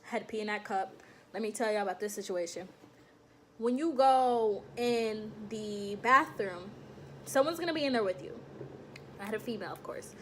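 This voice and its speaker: A young woman vlogging to her viewers in a casual, animated storytelling way, laughing often and calling them y'all. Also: medium pitch, moderate pace, a little hiss or hum. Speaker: vlogger recounting her enlistment processing.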